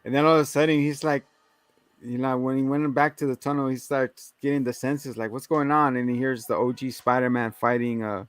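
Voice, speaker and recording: A man's voice: medium pitch, fairly even intonation, brisk, no echo. A man co-hosting a casual movie review chat, rambling through a plot recap with filler words and swearing. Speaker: podcast co-host.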